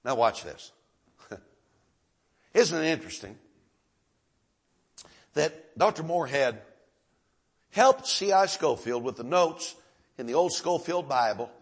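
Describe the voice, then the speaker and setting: A middle-aged male preacher spins a folksy sermon story with a husky, slightly high voice. He restarts and doubles his words as he builds toward a point. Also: big pitch swings, takes it slowly, long pauses.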